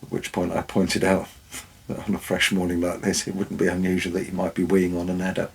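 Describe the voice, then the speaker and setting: A man's voice: sits low, monotone, fairly quick, creaky, a little hiss or hum, low-quality recording. A man, a former forest warden, tells wry anecdotes in a dry, storytelling way. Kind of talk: storytelling narration.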